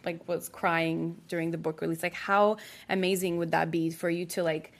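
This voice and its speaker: A woman talking in a casual chat as a guest author, lively, acting out other people's lines as she tells stories. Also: fairly low pitch, moderate pace, vocal fry. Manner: animated, acts out quoted people in raised voices.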